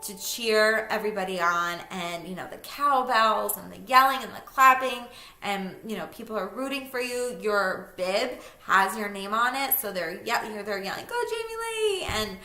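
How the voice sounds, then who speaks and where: A woman's voice: mid-range voice, normal speed, sharp tone, reverberant, soft background music. A woman in her thirties, a vlogger, telling a personal story in a casual, chatty way with fillers and small laughing asides.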